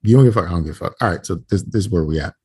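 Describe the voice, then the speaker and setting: A man's voice: low-pitched, animated, racing, darkish tone, breathy edge, no echo. A man in his forties chatting casually as a podcast co-host, blunt and profane, acting out quoted voices in his stories. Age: 40s. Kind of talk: casual chat.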